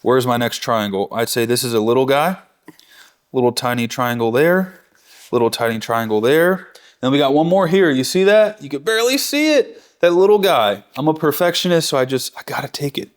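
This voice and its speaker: A man's voice: mid-range voice, expressive, normal speed. Chatty, enthusiastic man teaching barbecue. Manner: enthusiastic, chatty, self-correcting. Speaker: barbecue instructor. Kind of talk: real-time cooking tutorial.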